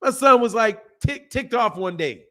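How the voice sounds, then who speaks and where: High-voiced, slangy man. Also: moderate pace. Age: adult, a father. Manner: slangy, animated, laughs often. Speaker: boxing channel host. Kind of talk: casual livestream chat.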